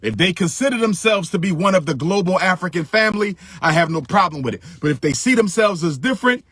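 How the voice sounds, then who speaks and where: A man's voice: sits high, lively intonation, fast, a bit bright, no room sound. A middle-aged man giving impassioned commentary, emphatic, repeating his phrases for stress.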